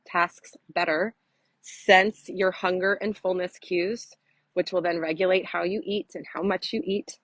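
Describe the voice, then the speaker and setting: A woman's voice: lowish voice, dry recording, low-quality recording. A woman wellness coach talking casually to camera while walking outdoors, earnest and open, with frequent restarts. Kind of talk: casual vlog talk to camera. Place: outdoors, walking in an orange grove.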